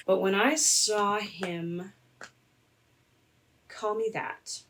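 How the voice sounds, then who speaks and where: A young adult woman, a content creator, telling a story in a casual vlog with animated sarcasm. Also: medium pitch, very slow, pauses often, slight background noise. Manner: animated and sarcastic, laughing often.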